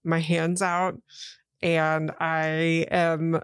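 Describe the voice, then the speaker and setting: A woman's voice: low-pitched, little pitch movement, drawn-out words, clean tone, no echo, clean studio sound. A woman playing a tabletop game, explaining things in a matter-of-fact way. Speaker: player.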